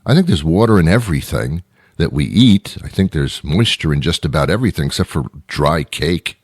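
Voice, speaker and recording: A man's voice: a bass voice, expressive, fairly quick, darkish tone, slightly rough, no echo, clean studio sound. A middle-aged man hosting a radio show, delivering an exasperated, rambling comedic monologue full of repeated questions.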